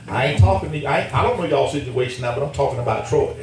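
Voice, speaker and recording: A man preaching a sermon as pastor, animated and laughing as he acts out his talks with God. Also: mid-range voice, very fast, hardly any pauses, recorded from a distance, slight background noise. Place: church. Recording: echoey church from afar.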